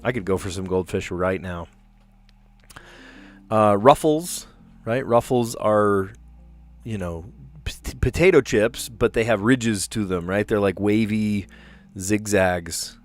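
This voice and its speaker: A man's voice: on the low side, slow pace, long pauses. An American man hosting a puzzle livestream, chatting casually and rambling, often tagging his points with "right?". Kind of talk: casual chat while solving puzzles.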